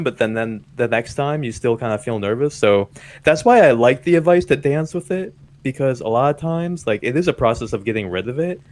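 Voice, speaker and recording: Young male podcast co-host, lively and reflective, mid-pitched. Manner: animated, reflective, frequent "like" fillers. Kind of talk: casual chat.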